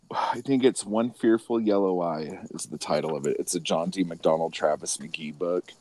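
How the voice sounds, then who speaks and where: A man co-hosting a casual podcast chat, swearing freely and laughing loudly at his own jokes. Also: sits low, moderate pace. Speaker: podcast co-host.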